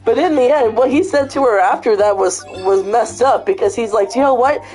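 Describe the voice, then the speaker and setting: A woman with a fairly high voice chats casually, retelling a story with lively, profane enthusiasm. Faint music sits behind her. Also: moderate pace, poor audio. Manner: animated storytelling, swears freely. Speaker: host. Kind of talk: casual chat.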